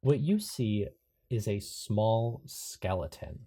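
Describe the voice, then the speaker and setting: Low-voiced male game master: calm, matter-of-fact narration. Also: takes it slowly, slightly rough.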